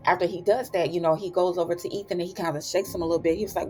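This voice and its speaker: A woman's voice: on the low side, steady tone, very fast, darkish tone, soft background music. A woman host casually recapping TV episodes, chatty and folksy, calling listeners "honey" and "child".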